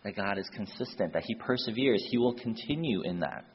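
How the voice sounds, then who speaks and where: A man delivers a sermon, moving from a plain story into urgent, rising appeals to his listeners. His voice is husky and sits in a mid pitch. The sound is muffled, with a long echo from the hall. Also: expressive, brisk. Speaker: preacher. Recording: dull echoey hall.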